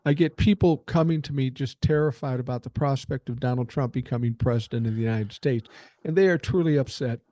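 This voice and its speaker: A man's voice: mid-range voice, fairly even intonation, fairly quick, few pauses, warm tone, no room sound. A man hosting a podcast, talking in casual chat. He speaks earnestly and tries to reassure his listeners. The recording is dry and close, with no room sound. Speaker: podcast host.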